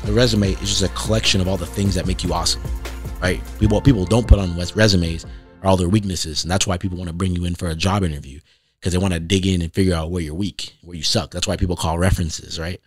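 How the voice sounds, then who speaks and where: A man's voice: low voice, steady tone, fast, soft background music. A man hosting a podcast, giving a casual faith talk and reading scripture, conversational and often asking "right?" for emphasis. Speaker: podcast host.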